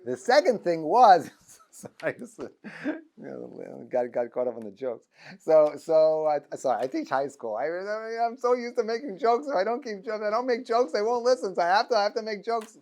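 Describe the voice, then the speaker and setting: A man's voice: sits high, animated, moderate pace, darkish tone. A middle-aged man, a rabbi teaching a class, talking in a loose, joking way, full of restarts and stammers. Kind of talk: informal lecture. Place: classroom with students.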